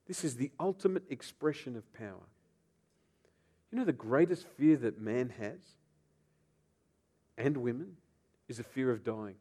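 A man preaching a sermon, retelling scripture dramatically and swinging between soft, low passages and loud outbursts.

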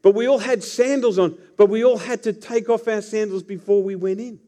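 A man's voice: high voice, fairly even intonation, a little fast, dark tone. A man preaching a sermon as pastor, telling the story with playful asides to the congregation.

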